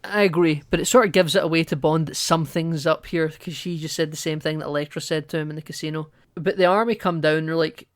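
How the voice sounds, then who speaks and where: A man's voice: on the high side, fairly even intonation, quick pace, few pauses, dry recording. A man co-hosting a podcast, casually retelling a film's plot at length. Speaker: podcast co-host. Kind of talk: casual film recap chat.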